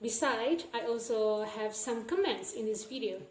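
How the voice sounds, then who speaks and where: A young woman presenting as a student, explaining slowly and repeating each phrase with care. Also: fairly high pitch. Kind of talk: slow classroom explanation. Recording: echoey room with faint ambient noise.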